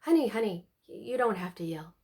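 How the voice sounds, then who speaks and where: A woman voicing a patient, weary middle-aged mother who speaks gently and coaxingly. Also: medium pitch, lively intonation, brisk, close to an everyday voice. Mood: gentle, weary.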